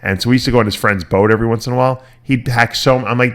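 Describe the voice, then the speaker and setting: A middle-aged man hosting a casual podcast chat, telling lively stories, cursing and acting out the voices of people he quotes. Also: medium pitch, very fast. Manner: animated storytelling, swearing, acting out quoted voices. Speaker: podcast host.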